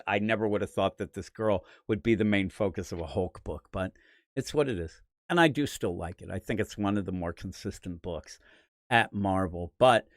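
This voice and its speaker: Recorded at studio quality with no echo, a lowish-voiced man from the Philadelphia area previews the week's comics on his podcast. His casual commentary is rambling and opinionated, peppered with animated asides.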